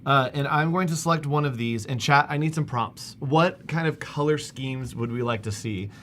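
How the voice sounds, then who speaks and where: A man hosting a live stream, casually walking viewers through a software demo step by step. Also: mid-range voice, moderate pace, a little hiss or hum. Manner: casual, talks viewers through steps on screen. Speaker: livestream host.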